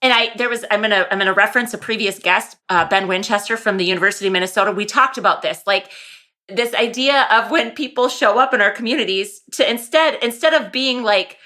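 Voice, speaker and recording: Bright, chatty woman podcast host. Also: mid-range voice, quick pace. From small-town farm background. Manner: chatty, emphatic, laughs easily. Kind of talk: conversational interview hosting.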